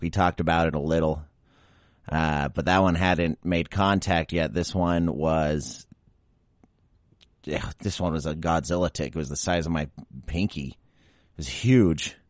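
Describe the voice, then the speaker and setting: A man's voice: deep voice, a little slow, pauses often, dry recording, clean studio sound. A young adult man hosting a pet podcast, grumbling and exasperated in a casual solo rant, feeling a bit sick after drinking. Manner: grumbling, exasperated, mocks baby talk. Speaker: podcast host.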